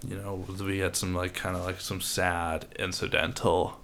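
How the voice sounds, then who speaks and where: A man's voice: low-pitched, level tone, moderate pace, a bit bright, slight background noise. A man co-hosting a podcast, rambling through an improvised comedic story and laughing often. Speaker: podcast co-host.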